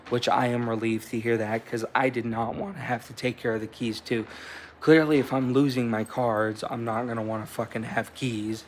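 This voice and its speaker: Casting twenties guy, mid-pitched, offhand vlog rambler who swears and restarts a lot, faint background noise. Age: 20s. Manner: loose storytelling with frequent swearing and restarts. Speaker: vlogger. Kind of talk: casual rambling chat. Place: indoors at home, with a cat.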